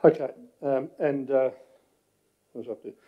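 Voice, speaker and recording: Breathless man at a council meeting. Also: mid-range voice. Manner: halting, frequent fillers, clears throat. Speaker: public speaker at council meeting. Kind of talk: public address at a meeting. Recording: muffled council chamber audio.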